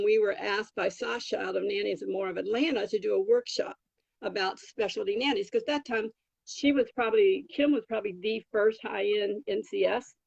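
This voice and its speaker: A woman's voice: medium pitch, vocal fry, darkish tone, no room sound, muffled recording. An older woman, a travel nanny, telling rambling stories from her career in a casual interview. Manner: rambling, many fillers and restarts. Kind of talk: casual anecdotal storytelling.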